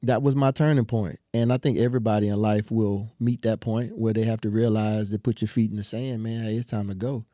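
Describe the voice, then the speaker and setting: A young man as an interview guest, telling his story earnestly with many pauses and restarts. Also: lowish voice, fairly even intonation, dark tone, no echo. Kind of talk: casual interview talk.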